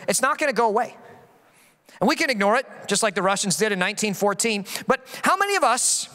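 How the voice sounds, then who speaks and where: A male pastor preaching a sermon in an animated way, often acting out voices he quotes. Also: sits high, long reverb tail.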